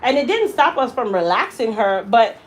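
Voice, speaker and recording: A woman hairstylist, a touch high in pitch, tells a story while she works in her salon. She talks in a casual, animated way and throws weight on her words. Faint room noise sits behind her voice. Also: moderate pace, low-quality recording. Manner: animated, emphatic storyteller who acts out quotes. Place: hair salon.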